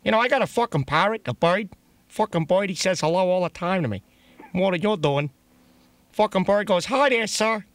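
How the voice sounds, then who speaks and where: A man's voice: sits high, fairly quick, no room sound. A man making a prank phone call, talking crudely and rambling, full of profanity and chuckles. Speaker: prank caller.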